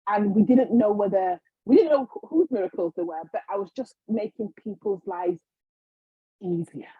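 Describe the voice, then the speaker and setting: A woman guest, a healer, telling her story in a casual, animated way, acting out the voices of others. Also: mid-range voice, husky, no room sound, narrow, tinny audio. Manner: animated, acts out quotes, frequent restarts.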